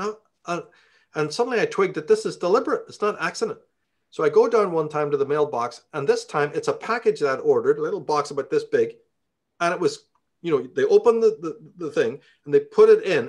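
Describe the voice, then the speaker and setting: A middle-aged man from Northern Ireland with a Belfast accent, telling a profane, ranting story as an interview guest. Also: a little high. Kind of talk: storytelling in conversation.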